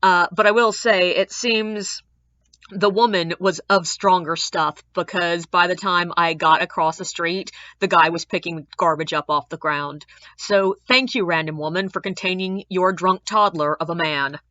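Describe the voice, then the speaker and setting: Animated woman telling a storytime tale. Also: measured pace, no echo. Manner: animated, acts out quoted people with big pitch jumps. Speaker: ghost tour guide. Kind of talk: casual storytime narration. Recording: dull lo-fi dry sound.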